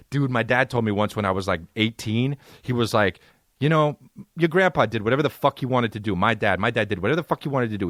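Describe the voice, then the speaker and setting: A man's voice: mid-range voice, no room sound, clean studio sound. A man hosting a comedy podcast, ranting in a profane, sarcastic way. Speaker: podcast host.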